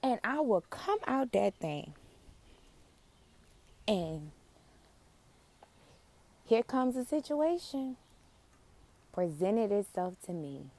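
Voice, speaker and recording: Lively, emphatic woman preaching slowly. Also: medium pitch. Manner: emphatic, repetitive, drops to whispers. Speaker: podcast host. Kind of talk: preaching-style podcast talk.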